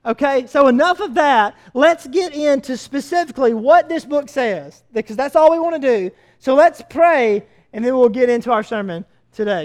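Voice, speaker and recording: A man's voice: very high-pitched, expressive, normal speed, few pauses. A man preaching a sermon as pastor, telling stories in a conversational way with frequent fillers. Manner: conversational storytelling with hesitant fillers.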